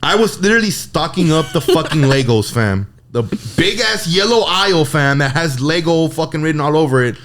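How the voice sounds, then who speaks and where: A young man co-hosting a podcast, telling profane, animated work stories in casual chat. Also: a little high, brisk, few pauses. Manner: profane, animated, mimics customers. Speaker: podcast co-host. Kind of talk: casual storytelling.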